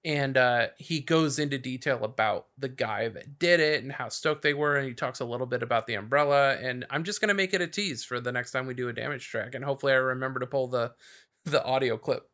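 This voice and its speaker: Fairly quick and bright, with a pushed quality, the medium-pitched voice belongs to a man co-hosting a podcast. He talks casually and wanders, leaning on lots of fillers and restarts.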